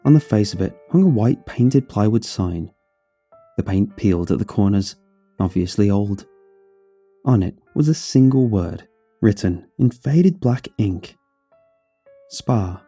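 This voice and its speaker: A man narrating a horror story in the first person, telling it in a measured, descriptive way. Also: lowish voice, expressive, mellow, soft background music.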